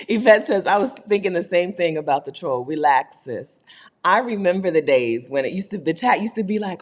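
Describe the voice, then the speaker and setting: A woman hosts a casual livestream, reading out comments and reacting to them. Her voice sits a little low and sounds husky, yet her pitch swings widely as she jumps between emphatic high bursts and quiet asides. She laughs often and talks in a loose, conversational way. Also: animated, normal speed. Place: indoors, home setting while living abroad.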